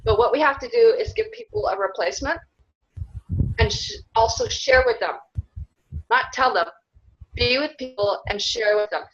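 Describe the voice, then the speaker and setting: A woman's voice: a little high, expressive, normal speed, long pauses, a bit bright. Rambling earnest woman, lo-fi sound. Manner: rambling, earnest, laughs often. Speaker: interviewee, self-described clan mother. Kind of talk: casual interview talk. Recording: dull lo-fi sound.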